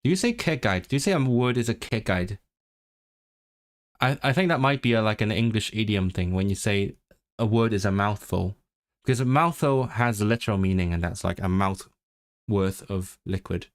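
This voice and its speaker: A man hosting a livestream, chatting casually and haltingly, often restarting and switching between languages. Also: lowish voice, dry recording, clean studio sound. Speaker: livestream host. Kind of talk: casual chat, mixing Welsh and English.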